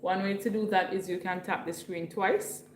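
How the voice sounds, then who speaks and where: A woman's voice: mid-range voice, steady tone, moderate pace, reverberant, a little hiss or hum. Chatty Jamaican woman hosting a livestream. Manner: chatty, reads viewer comments aloud. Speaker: livestream host. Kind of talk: casual livestream chat.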